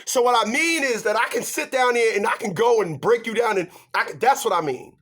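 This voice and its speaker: A man giving relationship advice in an animated monologue, emphatic and stammering as he talks straight to his audience. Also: extremely high pitch, fairly quick. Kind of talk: animated ranting monologue to viewers.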